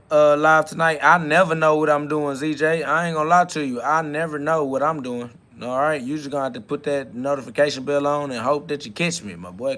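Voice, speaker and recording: A man with a bright, slightly high voice preaches on a live podcast stream. He rambles in loose slang, swings between sermon and banter, and answers viewers' comments as he goes. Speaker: podcast host. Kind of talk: live-stream spiritual self-talk.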